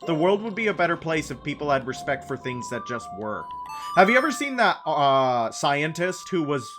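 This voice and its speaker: Lively, chatty male streamer. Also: on the high side, normal speed. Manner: chatty and storytelling, drifts between topics. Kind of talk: casual chat while gaming on stream. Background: faint game music.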